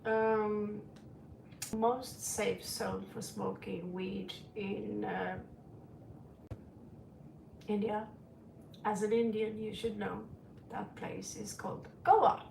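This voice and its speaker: A middle-aged tarot reader chats casually on a stream, frank and meandering, with listeners called sweetie. She speaks extremely slowly and flatly at medium pitch, with vocal fry, a slightly mellow tone and frequent pauses. The distant mic picks up roomy echo and slight background noise.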